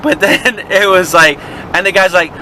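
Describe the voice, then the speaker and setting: A man's voice: high voice, moderate pace, rough recording. A man co-hosting a vlog, chatting casually from a car in traffic, rambling through a story and laughing often. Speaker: vlog co-host. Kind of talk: casual chat while driving.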